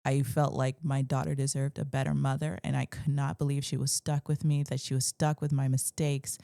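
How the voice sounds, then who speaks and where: Woman, low-pitched, gravelly, confessional storytelling, rambling delivery. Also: flat delivery, moderate pace, warm tone, dry recording, studio quality. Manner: earnest, confessional, rambling with restarts. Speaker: parenting channel host. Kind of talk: personal storytelling monologue.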